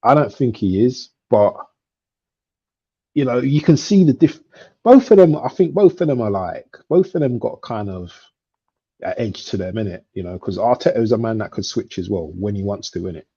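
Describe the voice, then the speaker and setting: Mellow low-voiced host. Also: male voice, animated, moderate pace, husky. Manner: rambling, full of fillers. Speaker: livestream host. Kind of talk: casual football chat. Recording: dull lo-fi stream audio.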